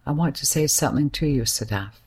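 A woman reading the part of a hesitant but serious young man, a gentle family friend, in an audiobook. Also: medium pitch, animated, a little fast, husky. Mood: friendly. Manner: hesitant yet serious, soothing.

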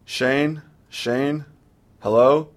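A man's voice: medium pitch, steady tone, drawn-out words, voice pushed up. A man voicing a distraught middle-aged mother on the phone, speaking in a tearful, pleading way. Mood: panicked.

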